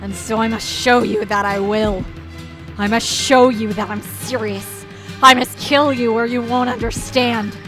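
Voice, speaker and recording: A woman's voice: unhurried, over music, close to an everyday voice. A woman doing a murderous male beast. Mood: menacing. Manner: low, menacing, steady threats. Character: brutal male beast lord, cold, murderous.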